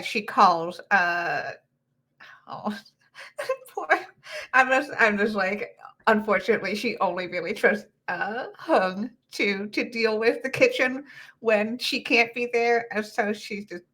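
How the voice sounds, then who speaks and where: A woman's voice: mid-range voice, slow, pushed and bright. A woman playing in a tabletop game, talking hesitantly with many restarts. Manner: hesitant, laughing, stop-start. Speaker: player.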